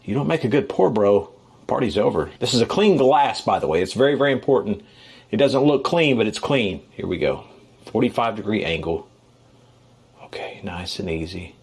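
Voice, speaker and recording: A man's voice: lowish voice, slightly rough. A man at home talking casually and playfully on video, chatty with a mock-serious edge. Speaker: comedian.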